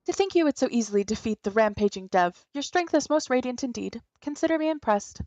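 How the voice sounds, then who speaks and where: A woman's voice: a little high, animated, a little fast, darkish tone, dry recording, muffled recording. A woman voicing a proud, grandiose female spirit guardian in a video game, speaking in a pompous, theatrical formal manner.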